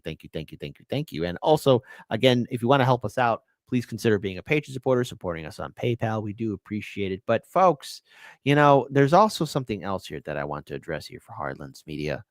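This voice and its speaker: A middle-aged man hosting a casual livestream, joking and giving shout-outs to viewers. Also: mid-range voice, sing-song, fast talker, no room sound, studio quality. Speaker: livestream host.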